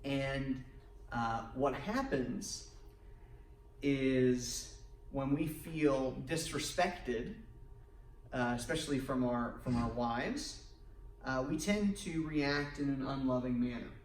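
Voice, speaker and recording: A husband co-leading a church marriage workshop, halting and full of restarts, getting animated in his stories. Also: mid-range voice, slight background noise. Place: church hall. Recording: echoey room, far from the mic.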